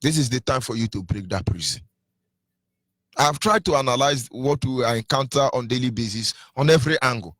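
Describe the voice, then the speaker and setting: A man's voice: medium pitch, normal speed, fairly bright tone, no room sound. A man with a Nigerian accent giving a fiery political sermon on radio, asking rhetorical questions and half-singing some phrases. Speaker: activist radio speaker.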